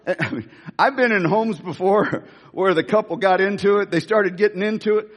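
A male pastor delivers a sermon in an animated storytelling manner, often restarting his phrases. His voice sits high for a man, and the hall gives it a long, ringing reverb. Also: fairly quick.

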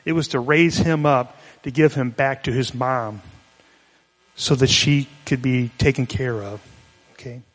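Male pastor, conversational sermon, mid-pitched voice, long reverb of a church hall. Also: steady tone, a little slow. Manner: conversational, explanatory, with restarts.

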